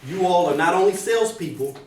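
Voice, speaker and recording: A man teaching a class about job interviews, talking in an energetic classroom lecture style. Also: high-pitched, fast. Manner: energetic, demonstrates bad habits by mumbling. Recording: roomy, distant, faint hiss.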